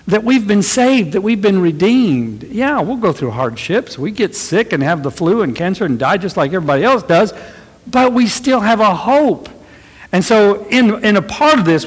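A man's voice: sits high, long reverb tail, rough recording. A middle-aged man preaching a sermon, telling folksy stories with chuckles and acting out other people's lines. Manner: folksy storytelling, chuckling, acts out quotes. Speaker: pastor. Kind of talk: sermon with anecdotes.

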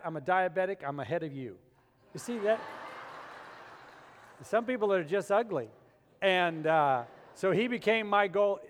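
A male pastor delivering a sermon in a church, preaching with animation and dramatic swings between loud and quiet. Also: on the high side. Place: church sanctuary. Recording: long church hall reverb.

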